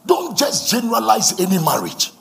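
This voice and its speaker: A man's voice: sits high, sing-song, normal speed, vocal fry, a bit bright. A man preaching a sermon, fervent and repetitive, leading the congregation in call-and-response.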